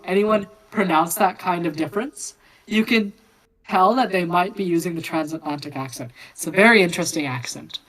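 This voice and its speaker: A woman explaining a topic in a casual group discussion, lively and chatty with fillers. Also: medium pitch, poor audio. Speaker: discussion participant. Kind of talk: casual philosophical chat.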